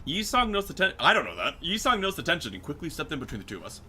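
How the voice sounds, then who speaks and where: A man's voice: a little high, huge pitch swings, very fast, pushed and bright, husky. A man streaming a story game, reading its text aloud and joking around with casual swearing.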